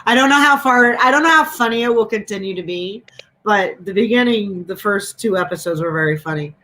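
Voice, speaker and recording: A woman's voice: mid-range voice, fairly quick, pushed and bright, a little hiss or hum, rough recording. A woman hosting a casual chat over a video call, telling stories with a lot of laughter. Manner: chatty, laughing storyteller. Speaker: host.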